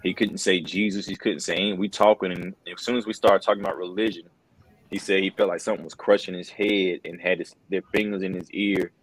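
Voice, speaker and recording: A man's voice: low voice, fairly even intonation, quick pace, no room sound, low-quality recording. A middle-aged man, a wrestling commentator, telling a story in an earnest, loose way, often saying "bro" and "man". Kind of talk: casual interview storytelling.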